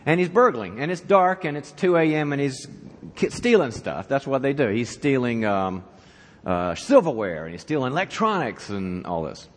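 A man's voice: mid-range voice, normal speed. A man speaking to an audience at a church leadership event, telling a joke conversationally and asking the crowd questions. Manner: animated storyteller, conversational, asks the audience questions. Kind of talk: conference talk to an audience. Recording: reverberant hall.

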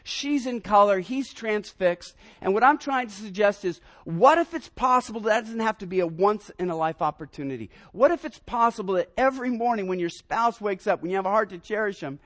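High-voiced pastor man preaching. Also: brisk, hardly any pauses. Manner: animated storyteller, repeats words when starting sentences. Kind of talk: sermon with personal anecdotes.

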